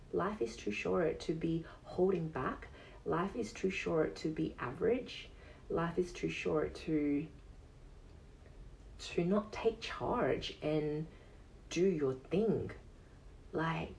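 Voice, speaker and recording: Man, high soft soothing voice, slow, gravelly edges, earnest motivational podcast talk, distant mic with faint hiss. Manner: earnest, motivational, repeats phrases for emphasis. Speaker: podcast host and yoga teacher. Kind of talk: unscripted motivational monologue. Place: casual home podcast setup.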